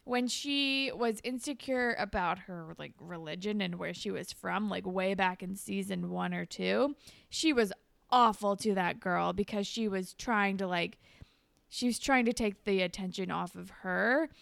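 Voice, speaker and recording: A woman's voice: medium pitch, a little slow, vocal fry, no echo. A woman co-hosting a podcast, rambling casually with lots of "like". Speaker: podcast co-host. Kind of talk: casual chat.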